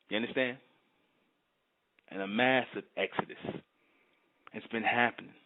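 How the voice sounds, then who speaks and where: A man in a fervent monologue, emphatic and repetitive, often asking if the listener understands. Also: lowish voice. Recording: tinny phone-like sound.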